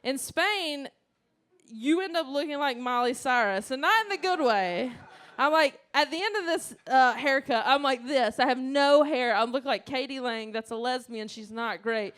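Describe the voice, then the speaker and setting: Animated Southern woman comic on stage. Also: high voice, moderate pace. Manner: animated storytelling with loud acted-out outbursts. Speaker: stand-up comedian. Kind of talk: stand-up comedy set. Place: comedy stage before a live audience.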